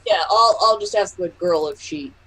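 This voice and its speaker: A man's voice: high-pitched, lively intonation, normal speed, creaky, sharp tone, breathy edge, poor audio. A man playing a tabletop game, asking questions in character with hesitant fillers. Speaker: player. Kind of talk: casual tabletop play.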